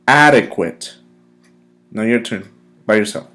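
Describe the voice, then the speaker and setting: A man teaching a recorded English vocabulary lesson, drilling pronunciation with clear, emphatic repetition. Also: mid-range voice, expressive, measured pace, pauses often, a bit bright.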